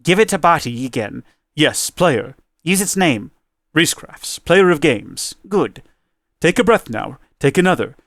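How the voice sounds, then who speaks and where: A man's voice: fairly high pitch, sing-song, fairly bright tone, no echo, studio quality, heavily acted. A man reading as ancient cosmic beings. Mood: solemn. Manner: solemn, measured recital. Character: genderless cosmic beings, ancient, calm, addressing a player. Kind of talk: reading a game's ending poem aloud.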